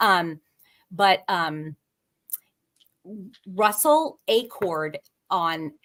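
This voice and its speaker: A woman guest on a podcast, speaking in a fairly low voice. She gropes for words with frequent fillers, repeats herself and restarts sentences. The overall feel is an easygoing, unscripted chat. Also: expressive, a bit bright. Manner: halting, with many fillers and restarts. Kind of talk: casual conversation.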